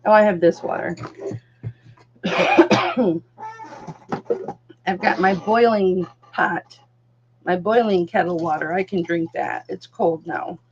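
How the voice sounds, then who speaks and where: An older woman with a lowish voice hosts a live jewelry auction stream from home, taking things slowly and pausing often. The lo-fi audio carries a little hiss or hum, and she chats casually while cooing baby-talk at her puppy.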